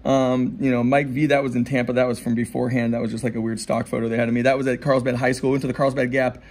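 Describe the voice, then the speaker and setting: A man's voice: mid-range voice, level tone, darkish tone. A man in his forties, a skateboarder and skate shop owner, telling rambling, profane stories in a casual way. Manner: rapid, profane, rambling anecdotes with many asides. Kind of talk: casual storytelling.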